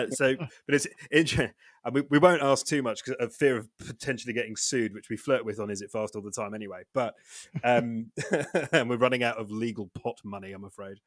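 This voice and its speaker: A man's voice: medium pitch, fairly quick, a bit bright, dry recording, clean studio sound. A man hosting a podcast, asking long, rambling questions with chuckles and restarts. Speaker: podcast host. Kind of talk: casual interview chat.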